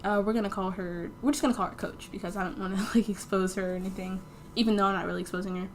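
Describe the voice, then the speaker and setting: A woman's voice: medium pitch, steady tone, very fast, slight background noise. A teenage girl telling a story in a casual vlog, chatty and full of "like" fillers, acting out the dialogue as she goes. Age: teens. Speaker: storytime vlogger.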